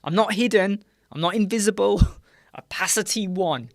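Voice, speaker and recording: A man's voice: high voice, normal speed, no echo. British guy rambling on a live chat, lots of "right?", dead dry sound. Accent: British English. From United Kingdom. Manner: chatty, leans on "right?" and filler words. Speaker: live stream host. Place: small dark room with sound panels.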